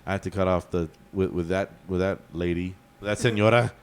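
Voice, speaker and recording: A man's voice: low-pitched, steady tone, fairly quick, slight background noise. A man, co-hosting a podcast and telling a story in a rambling, laid-back way. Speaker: podcast co-host. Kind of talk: casual chat, storytelling.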